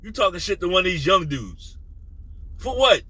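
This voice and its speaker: Male sports host, blunt and profane, bright forceful tone. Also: fairly quick, dry recording, rough recording. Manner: blunt, profane, animated, drops to a low menacing tone. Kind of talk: casual opinion rant.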